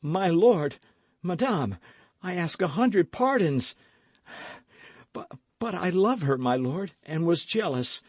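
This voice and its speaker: A man voicing a fiery young swordsman, high and urgent. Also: slow pace, pauses often, dry recording, exaggerated voice. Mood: pleading. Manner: excited, pleading exclamations. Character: young hot-headed male swordsman, jealous and impulsive. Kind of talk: audiobook character voice.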